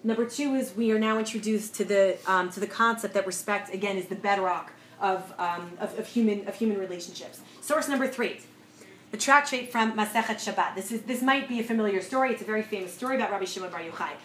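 A woman teaching a lively class lecture, telling a story and asking her students questions as she goes. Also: mid-range voice, fast talker. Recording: echoey room, faint noise.

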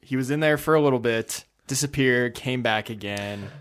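A man co-hosting a casual podcast chat in a small echoey room, speaking in quiet, low-key asides. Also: normal speed, clean tone. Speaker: podcast co-host. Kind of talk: casual comic book chat.

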